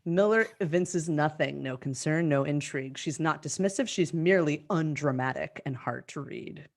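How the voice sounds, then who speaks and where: A woman with a low voice hosts a live script reading on a video call. She reads the stage directions briskly and with some amusement.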